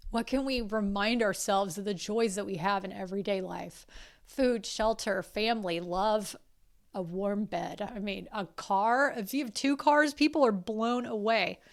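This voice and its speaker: A woman's voice: medium pitch, measured pace. A woman hosting a podcast, talking in a casual, heartfelt and emotional way, with the odd curse word. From South Carolina. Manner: earnest and emotional, swears casually. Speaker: podcast host.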